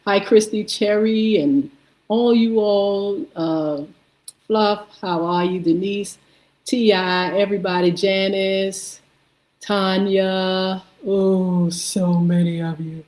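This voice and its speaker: A woman hosting a live morning stream, slowly reading out and greeting viewers by name, sounding out names as she goes. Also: medium pitch, a little mellow, low-quality recording. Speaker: host. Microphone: streaming setup.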